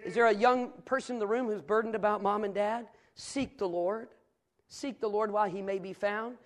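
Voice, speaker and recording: A man from the northern United States preaches in a high, ringing voice. He piles up phrases toward loud peaks, then drops to hushed asides. The tone is earnest and pastoral throughout. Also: normal speed. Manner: emphatic preaching, rising to loud climaxes and dropping to quiet asides. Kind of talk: sermon. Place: church sanctuary.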